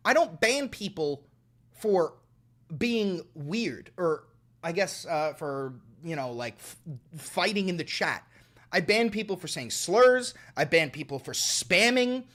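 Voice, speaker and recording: Male streamer, profane and exasperated, pitch swings wildly while he lectures chat. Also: a bit bright. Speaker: live streamer. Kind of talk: livestream rant at chat.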